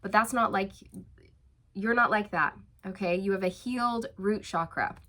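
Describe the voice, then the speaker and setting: A woman reads tarot in a loose, conversational way, full of fillers and easy laughter. Her voice sits at an ordinary mid pitch. She stretches out her words when she wants to reassure the listener. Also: sharp tone. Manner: chatty and encouraging, many fillers and light laughs; slows down for emphatic reassurances. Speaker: tarot reader. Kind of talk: casual spoken tarot reading.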